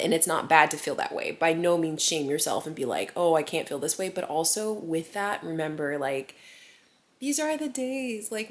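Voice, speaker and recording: A woman in her thirties, a mom vlogger chatting casually to camera in a rambling, giggly way full of fillers. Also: fairly low pitch.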